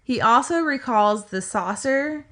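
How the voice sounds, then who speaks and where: Female podcast co-host, casual storyteller, bright tone, filler-heavy delivery. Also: high voice, animated, a little slow. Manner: chatty, filler-heavy retelling with acted quotes.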